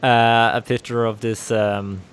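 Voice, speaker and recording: A man's voice: mid-range voice, flat delivery, a little slow, clear, resonant tone. A man with an Irish accent chatting casually on a podcast, hesitant and full of filler sounds. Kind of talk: casual group chat.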